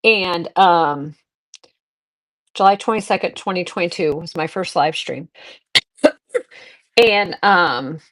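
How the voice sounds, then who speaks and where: A middle-aged woman with a slightly low voice hosts a live selling stream. She chats casually and rambles through long personal stories. She keeps circling back to address her viewers directly. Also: slow pace, long pauses. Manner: rambling anecdotes, restarts and fillers, talks to viewers. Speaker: live-stream seller host.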